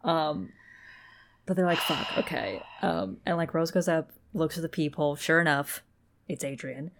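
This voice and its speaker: Low-voiced woman in laid-back book chat. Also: steady tone, moderate pace, a little hiss or hum. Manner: laid-back, acts out characters' lines, laughs a lot. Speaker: book podcast co-host. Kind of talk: casual chat recapping a book.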